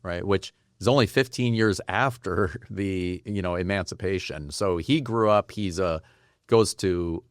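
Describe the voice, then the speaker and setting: A man's voice: sits low, unhurried, no echo, clean studio sound. A man hosting a podcast interview, asking curious questions and thinking aloud. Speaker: podcast host. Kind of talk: casual interview chat.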